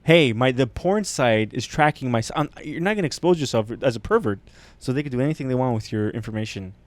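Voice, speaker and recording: A man co-hosting a comedy podcast in casual banter, rambling as he pitches half-formed ideas. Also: lively intonation, quick pace, dry recording. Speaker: podcast co-host.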